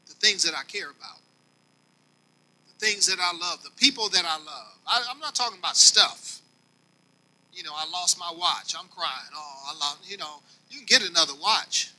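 Male pastor, older, folksy sermon delivery with a high, very bright tone. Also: expressive, moderate pace, low-quality recording. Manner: preaching with swings between soft and loud; folksy, talks directly to the congregation.

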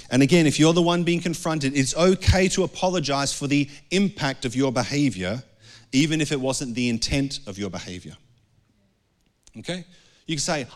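A middle-aged man preaching a sermon in an earnest, conversational way, with some passages dropping into soft, hushed prayer. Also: mid-range voice. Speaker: pastor.

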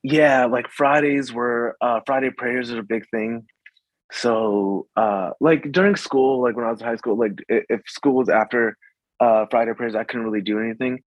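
A young man from the Washington, DC suburbs, a guest in a casual conversation, speaking haltingly and full of fillers and restarts. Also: medium pitch, no room sound, lo-fi sound.

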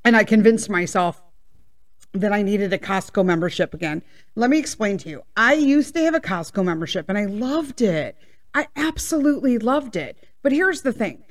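A woman, hosting a casual personal podcast chat, rambling and laughing and sometimes getting loud. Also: medium pitch, lively intonation, normal speed. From Midwest US. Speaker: podcast host.

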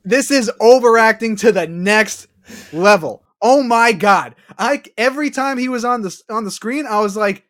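A man's voice: high voice, normal speed. A man co-hosting a podcast, ranting about a movie in casual chat, swearing often. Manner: profane, ranting, animated. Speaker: podcast co-host.

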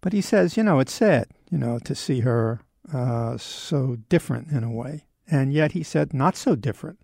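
A man in his early seventies muses aloud in a loose, rambling way, joking at his own expense. His voice has a gravelly, creaky texture at a middling pitch. The sound is dry and close, with no room around it. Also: expressive, moderate pace, a little mellow, no echo. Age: 70s. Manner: rambling, self-deprecating, wry. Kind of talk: casual monologue.

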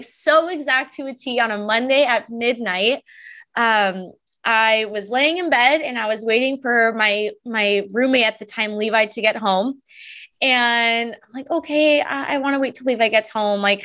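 A young woman, a medium and podcast guest, telling a personal story in a casual, animated way with frequent laughs and lots of "like" fillers. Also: a little high.

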